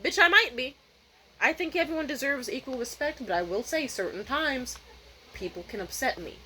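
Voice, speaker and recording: A woman's voice: high voice, lively intonation, a little fast, fairly bright tone, slight background noise, poor audio. A woman vlogger telling a rambling, profane, candid story in a casual way, often restarting her sentences.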